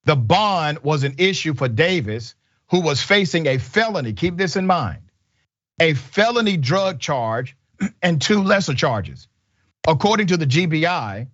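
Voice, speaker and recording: A man's voice: a little high, a bit bright, muffled recording. A man hosting a news commentary show, emphatic and indignant, speaking in short punchy sentences. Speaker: show host.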